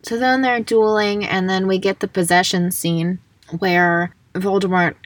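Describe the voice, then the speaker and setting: A woman's voice: medium pitch, fairly even intonation, unhurried, dry recording, far from the mic. A woman co-hosting a casual podcast chat, retelling events in a playful, sassy way. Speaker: podcast co-host.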